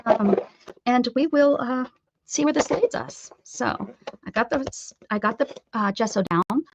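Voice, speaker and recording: A woman's voice: fairly high pitch, unhurried, dull audio, very noisy. A woman hosting a casual art livestream from her craft table at home, chatting with viewers and greeting them by name.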